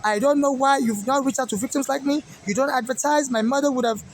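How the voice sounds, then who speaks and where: A man's voice: very high voice, steady tone, fast talker, slight background noise. A man from Nigeria with a Nigerian accent, rambling in an agitated monologue with many fillers and restarts. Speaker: activist vlogger. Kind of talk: monologue to camera.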